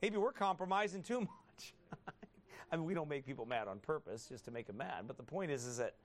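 A man with a somewhat high-pitched voice delivers a pastor's sermon, peppering it with rhetorical questions. He reads scripture slowly and deliberately and swells into forceful, emphatic bursts. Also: expressive.

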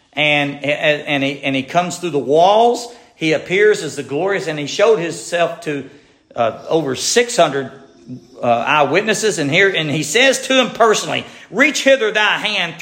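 Man, pastor, sermon, emphatic preaching, slightly high voice, echoey room. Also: a bit bright. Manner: preaching with rising emphatic passages.

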